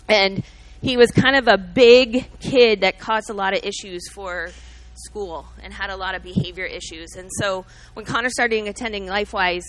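At a church gathering, a middle-aged woman gives an earnest, emotional sermon-style talk, telling a story, teaching from the Bible and calling out to listeners by name. Her voice is medium-pitched and a bit bright, on a rough recording.

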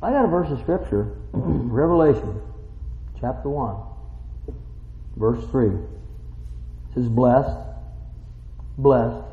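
A man preaching a sermon as a pastor, reading scripture and breaking into loud exclamations. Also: mid-range voice, slow pace, long pauses. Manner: animated, swings between loud exclamations and quiet reading. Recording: echoey hall with long reverb, dull sound.

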